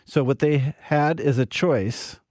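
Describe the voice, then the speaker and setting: A man's voice: on the high side, takes it slowly, darkish tone, no room sound, studio quality. A man co-hosting a radio show, telling stories in a playful, chatty way. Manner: storytelling, playful. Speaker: whiskey segment co-host. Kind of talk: casual radio chat.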